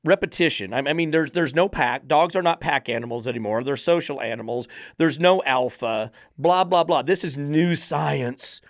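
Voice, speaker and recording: A man's voice: on the high side, moderate pace, few pauses, no echo, studio quality. A man who trains dogs and hosts a podcast, ranting in a blunt, profane, emphatic monologue. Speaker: dog trainer and podcast host.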